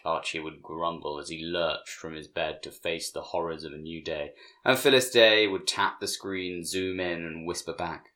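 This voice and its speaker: Very deep-voiced male storyteller. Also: steady tone, moderate pace, bright, forceful tone. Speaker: narrator. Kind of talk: storybook narration.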